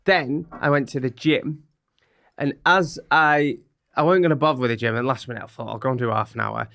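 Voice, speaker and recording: A man's voice: mid-range voice, fairly quick, vocal fry, a bit bright. A man, co-hosting a podcast and telling stories in casual banter. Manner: chatty, storytelling, self-mocking. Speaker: podcast co-host.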